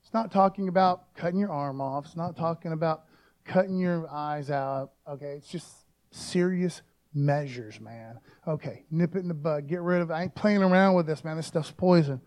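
A man's voice: a little high, darkish tone. A man preaching a casual sermon, joking, with frequent rhetorical asides. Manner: informal and joking, peppers talk with "man" and "okay?", quick rhetorical asides. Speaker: pastor.

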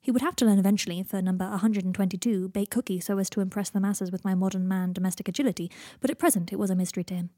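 A woman reads a story aloud, keeping a steady storytelling pace. Her voice is husky and breathy, and the recording sounds dry and close. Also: medium pitch, racing, few pauses, no echo. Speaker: narrator. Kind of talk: audiobook reading of fan fiction.

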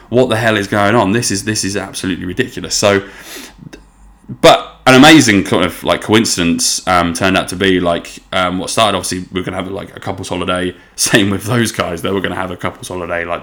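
A young man telling a long story in a casual, rambling way, swearing freely and getting excitable. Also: low-pitched. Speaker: podcast host.

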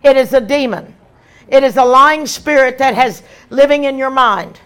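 A woman's voice: sits high, moderate pace, clear, resonant tone. Emphatic woman evangelist preaching. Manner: emphatic, animated preaching with repeated lines. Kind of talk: sermon.

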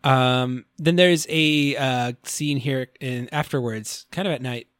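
A man's voice: medium pitch, fairly even intonation, slow pace, fairly bright tone, clean tone, no echo. Guy co-hosting a chill game recap podcast, acts out lines and laughs, dry mic. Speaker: podcast co-host. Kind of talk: casual game recap chat.

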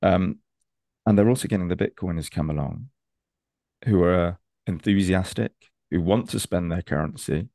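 A man's voice: low voice, moderate pace, warm tone, no room sound, clean studio sound. A man, an enthusiastic and persuasive consultant explaining ideas on a video call. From United Kingdom. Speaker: Bitcoin consultant.

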